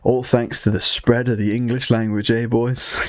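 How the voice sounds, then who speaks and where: A man's voice: medium pitch, flat delivery, a little slow, darkish tone, a little hiss or hum. A man hosting a live stream, chatting casually to viewers while painting miniatures. He rambles loosely and swears freely as he talks. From Scotland.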